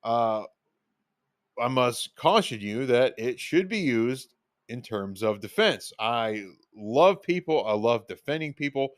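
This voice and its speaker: A man's voice: medium pitch, expressive, takes it slowly, no echo, studio quality. A man telling personal stories in a casual, rambling monologue, with lots of fillers and restarts, acting out what he said back then. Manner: rambling, filler-heavy, reenacts his own lines. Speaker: podcast host telling stories.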